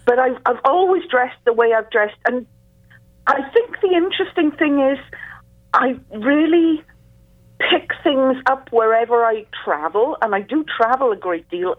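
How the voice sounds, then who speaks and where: A woman from Wales speaks with a Welsh accent in a chatty, self-deprecating way. Her voice is fairly high yet sultry and low in grain this morning. The sound is dry and thin, as if heard through a phone line. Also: dry recording. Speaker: crime author guest. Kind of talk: casual interview chat.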